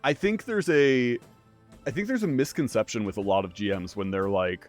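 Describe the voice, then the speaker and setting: A man co-hosting a casual gaming chat, talking in a halting way with frequent ums and trailing off. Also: mid-range voice, faint music behind. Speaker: podcast co-host.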